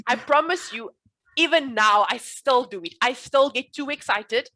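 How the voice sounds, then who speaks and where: A woman's voice: on the high side, a little slow, pushed and bright. A woman working as a speech coach in a one-on-one session, earnest and reassuring as she explains things. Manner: earnest, reassuring, repeats promises.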